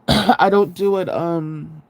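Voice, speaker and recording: Kinda high gravelly guy rambling to his stream chat, keeps restarting and laughing at himself. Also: fairly even intonation, slow. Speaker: livestream host. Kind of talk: casual chat with viewers. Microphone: sensitive close microphone.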